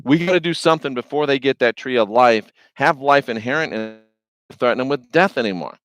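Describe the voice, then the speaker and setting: A man's voice: mid-range voice, lively intonation, brisk, fairly bright tone, natural voice. A man voicing a worried male god who schemes bluntly and with exasperation. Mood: alarmed.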